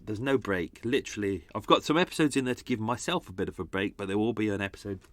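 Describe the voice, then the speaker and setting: A man hosting a true-crime podcast, narrating in a grave, measured way and chatting in a rambling, self-mocking manner. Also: lowish voice, a bit bright, no echo. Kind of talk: scripted true-crime narration and casual chat.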